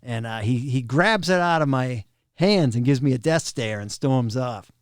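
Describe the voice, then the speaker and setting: A middle-aged man, a drum tech, casually telling backstage stories on a podcast, animated and often laughing. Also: medium pitch, normal speed, no echo, clean studio sound. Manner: animated, laughs often, acts out quoted people. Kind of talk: casual storytelling of road anecdotes.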